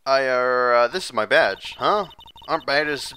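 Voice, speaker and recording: A man's voice: mid-range voice, measured pace, bright, forceful tone, faint music behind. A man reading a stammering rookie lawyer. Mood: flustered. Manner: stammering and apologetic. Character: nervous young male rookie lawyer.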